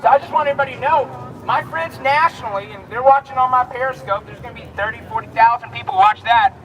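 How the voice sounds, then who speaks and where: A high, bright-toned man delivers an emphatic protest speech outdoors, driving home his points through repetition. He is heard from some distance off the mic, with a faint crowd murmur and street noise underneath. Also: fast, highs cut off. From Texas. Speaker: rally speaker.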